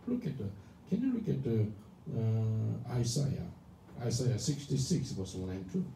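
A male pastor preaching a sermon, emphatic and animated, often asking the congregation whether they understand. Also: mid-range voice, a little slow, vocal fry. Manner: animated, emphatic, calls for responses. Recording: echoey room from far off, faint noise.

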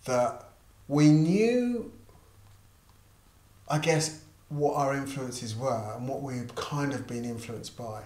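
Speaking slowly at medium pitch, a middle-aged man who works as a musician and artist manager shares a casual story during an interview. He brings it to life by performing the quoted voices. Faint background noise and a roomy echo sit under the audio.

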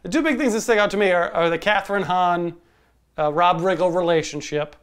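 High-voiced, smooth male podcast co-host. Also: fairly quick, a bit bright. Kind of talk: casual movie review chat.

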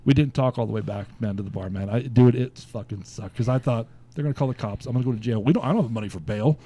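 A man's voice: mid-range voice, quick pace, mellow. A man guesting on a podcast, casually telling a story with lots of swearing and laughs. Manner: laid-back, swears often, laughs while telling.

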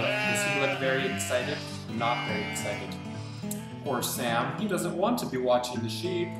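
A man, an English teacher, reading a storybook aloud to children and asking them questions along the way. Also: medium pitch. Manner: slow, animated, asks listeners questions. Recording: roomy echo, loud guitar music.

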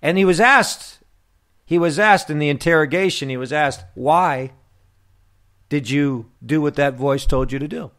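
A man preaching a sermon to his listeners, slow and emphatic, with long pauses. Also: fairly high pitch, fairly bright tone. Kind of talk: radio sermon.

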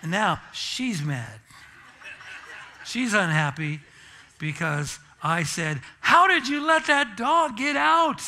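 A man's voice: fairly high pitch, pushed and bright, a little hiss or hum. A pastor preaching a sermon in church and telling a self-deprecating, humorous story about his family.

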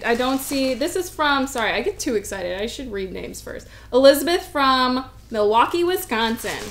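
Bubbly, gushing young woman vlogger. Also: high voice. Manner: bubbly, gushing, chatty with excited asides. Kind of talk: casual mail-opening vlog.

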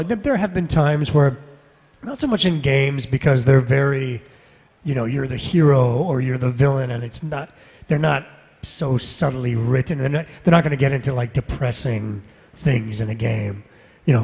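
Convention-panel guest: husky, mid-pitched man, relaxed and self-deprecating, heard over a reverberant hall PA. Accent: Canadian. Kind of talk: casual panel Q&A. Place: large convention hall stage.

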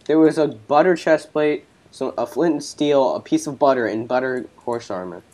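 A man's voice: medium pitch, normal speed. A man hosting a game channel, giving casual let's-play commentary and yelping at the game. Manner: excitable, yelps and laughs at the game. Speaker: gaming channel host.

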